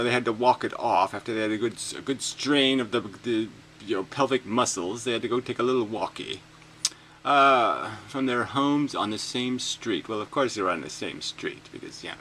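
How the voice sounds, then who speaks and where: Foul-mouthed guy reading the news and mocking it, bright sharp voice, sarcastic. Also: mid-range voice, normal speed, slight background noise, poor audio. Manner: sarcastic, profane, mocking asides. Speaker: commentator reading news stories. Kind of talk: sarcastic comedic rant.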